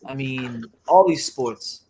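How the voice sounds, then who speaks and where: A man from the United States hosting a casual boxing chat, animated, often repeating his words. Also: mid-range voice, slow pace. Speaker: host.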